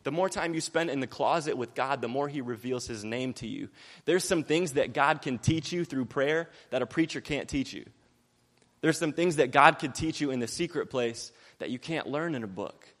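A young man preaching a sermon quickly and energetically, mixing in jokes and acted-out quotes. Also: mid-range voice, a bit bright, big-room sound.

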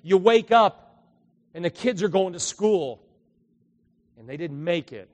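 A middle-aged pastor delivers a sermon with a fairly high voice that rings out through a church hall. He swings from loud, fervent bursts to hushed, confiding asides, and the long reverb trails after each phrase. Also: unhurried. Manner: animated preaching, swinging between loud bursts and quiet asides. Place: church sanctuary.

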